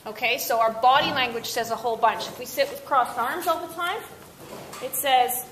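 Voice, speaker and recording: Woman presenter, upbeat, questions to a teen class, bright voice, echoey classroom. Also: high-pitched, normal speed. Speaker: workshop presenter. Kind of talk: interactive talk to teens. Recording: echoey room, faint noise.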